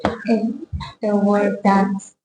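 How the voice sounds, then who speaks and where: A woman in a casual lesson, giving soft, hesitant answers to the teacher. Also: medium pitch, little pitch movement, slow pace, noisy background. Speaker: co-host learner. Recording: echoey room.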